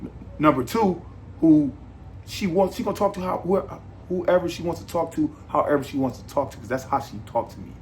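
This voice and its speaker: A man's voice: fairly high pitch, brisk, slight background noise. Emphatic man ranting as podcast host. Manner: emphatic, repetitive, rambling. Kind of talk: casual monologue rant.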